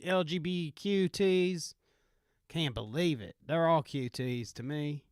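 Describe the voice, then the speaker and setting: A man's voice: on the high side, takes it slowly, clear, resonant tone, no echo, clean studio sound. A man voicing an angry, swearing country redneck farmer in a put-on Southern accent. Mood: indignant. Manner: drawling, swearing, indignant.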